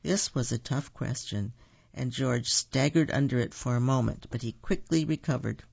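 Husky-voiced man reading children's stories. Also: medium pitch, normal speed, darkish tone, no room sound, lo-fi sound. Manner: unpolished, corrects his own slips. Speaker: storyteller.

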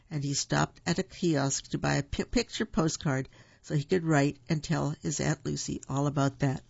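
A storyteller reading a children's storybook aloud in a gentle, playful way, in a dull, dry recording. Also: mid-range voice, steady tone, moderate pace, gravelly, breathy edge, dry recording.

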